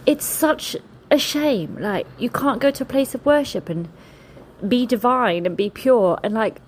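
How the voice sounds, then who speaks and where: A chatty woman in her forties talks straight into her phone while out walking. Her voice sits a little high and she swears freely in a blunt, candid way. Loud traffic rumbles around her on the open street. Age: 40s. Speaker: travel vlogger. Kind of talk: casual talk to camera. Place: city streets outdoors. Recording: phone audio with traffic noise.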